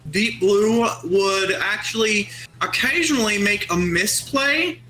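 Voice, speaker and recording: A woman's voice: medium pitch, takes it slowly, bright, forceful tone. A woman co-hosting a casual gaming stream, rambling playfully and repeating her own jokes. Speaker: stream co-host. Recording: roomy sound with faint music. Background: faint game music.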